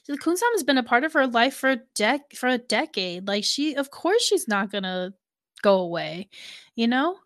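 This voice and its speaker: Animated woman venting about a show. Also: fairly high pitch, moderate pace, dry recording, clean studio sound. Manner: animated, profane, laughing. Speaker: show recap co-host. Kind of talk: casual chat.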